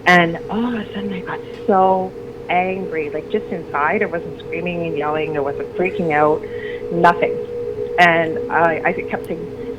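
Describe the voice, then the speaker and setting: A woman's voice: lowish voice, moderate pace. Rambling middle-aged woman, lo-fi audio. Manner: rambling, restarts sentences, animated when quoting others. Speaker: guest. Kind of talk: telling a personal story on a call-in radio show. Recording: lo-fi with noticeable background noise.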